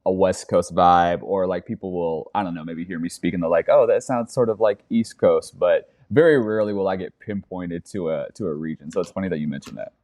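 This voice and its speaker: Deep-voiced, laid-back man. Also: brisk, few pauses, a little mellow, no room sound, studio quality. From Southern US, West Texas. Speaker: podcast guest, activist. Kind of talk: conversational interview.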